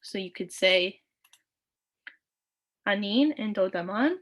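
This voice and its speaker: A woman's voice: medium pitch, animated, slow. A woman teaching a recorded language lesson, repeating each word patiently with frequent ums.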